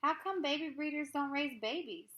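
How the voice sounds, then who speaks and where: A curious, stubborn little boy from a storybook, as a woman reading aloud puts him on, slow and playful. The voice sits high and bright, with a lifted, sing-song lilt. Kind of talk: reading a children's book aloud.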